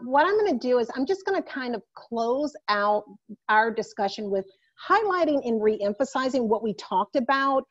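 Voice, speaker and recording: A woman moderating a virtual panel, speaking in a measured way as she puts questions and sums up the points. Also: fairly high pitch. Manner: measured, summarizing. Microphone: video call. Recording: muffled video-call audio.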